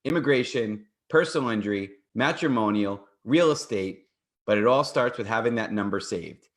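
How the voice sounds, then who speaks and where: A man's voice: on the low side, lively intonation, moderate pace. A middle-aged man, an attorney hosting a call-in radio show, talking in an upbeat, promotional way with playful banter. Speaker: personal injury attorney and show host.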